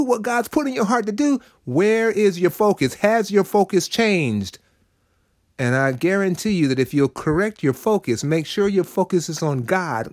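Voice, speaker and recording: A man with a high voice preaches in a relaxed, folksy way, slipping into animated voices when quoting. The recording is dry and close, with no room sound. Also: no room sound. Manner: folksy, conversational preaching with dramatic quoted voices. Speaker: preacher and show host. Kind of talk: short inspirational Bible talk.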